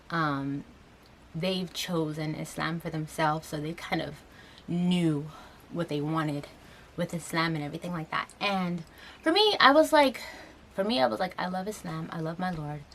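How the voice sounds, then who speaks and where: A young woman in her twenties speaks earnestly to her camera at home, rambling through fillers and restarts. Her voice sits low and carries a gravelly fry. She sounds close to tears, over a faint hiss of background noise. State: tearful, getting emotional. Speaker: vlogger. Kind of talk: personal vlog talk to camera.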